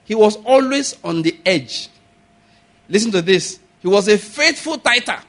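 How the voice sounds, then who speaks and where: A man preaching a sermon, telling stories and acting out the people in them with sudden shouts. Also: high voice, animated, measured pace. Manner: storytelling, acts out quoted voices with sudden shouts. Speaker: pastor.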